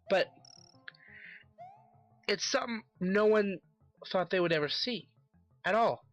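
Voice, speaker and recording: A man's voice: high voice, slow, long pauses, a bit bright. Profane, ranting man over faint music. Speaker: wrestling commentary vlogger. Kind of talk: casual solo commentary.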